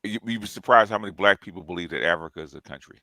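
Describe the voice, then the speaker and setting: A man hosting a casual chat, laughing often and tossing in quick quips. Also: sits low, pushed and bright, dry recording.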